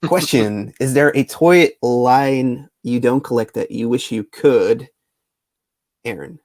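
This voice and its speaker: A man hosting a livestream in easygoing chat, halting and repeating himself as he talks. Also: mid-range voice, no room sound. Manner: relaxed, halting with fillers and repeats. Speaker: livestream host. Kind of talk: casual chat.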